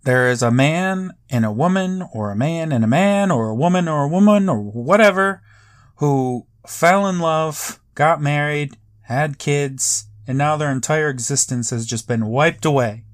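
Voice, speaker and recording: A man's voice: a little high, animated, a little slow. Wry man musing on a podcast. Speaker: podcast co-host. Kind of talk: casual chat reacting to a TV episode.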